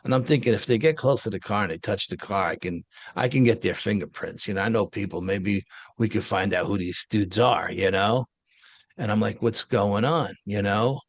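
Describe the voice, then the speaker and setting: Gravelly New man telling a story. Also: lowish voice, moderate pace, no room sound. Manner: colloquial, blunt, street-wise phrasing. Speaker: interview guest. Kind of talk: casual first-person storytelling.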